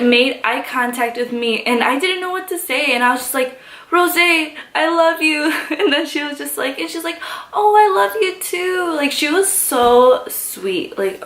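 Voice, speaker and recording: A woman vlogger telling a story in excited, gushing chatter full of fillers. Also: high voice. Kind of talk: casual story time. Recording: echoey room.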